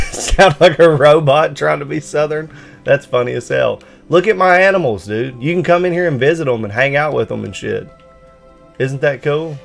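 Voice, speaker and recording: A man's voice: on the high side, moderate pace, vocal fry, soft background music. A man hosting a gaming live stream, bantering casually and swearing freely. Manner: profane, laid-back banter. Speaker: streamer host.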